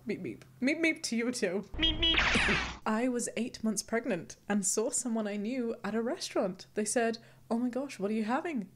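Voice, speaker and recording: A bubbly young woman chats away to her viewers, laughing easily and teasing herself. Her voice sits a little high for a woman, with quick swings up into giggles. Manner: bubbly, giggly, self-mocking. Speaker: host. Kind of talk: casual chat.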